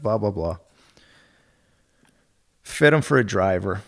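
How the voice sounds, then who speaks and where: A man's voice: on the low side, expressive, slow pace, creaky. A middle-aged man telling rambling golf anecdotes in casual podcast talk, quoting others and laughing as he goes. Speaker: golf club territory manager guest.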